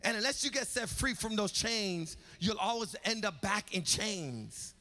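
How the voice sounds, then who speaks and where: A man's voice: sits high, lively intonation, a little slow, bright, forceful tone. A man pastor preaching a sermon in a church, with rhythmic build-ups that rise to emphatic peaks. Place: church sanctuary. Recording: reverberant church hall.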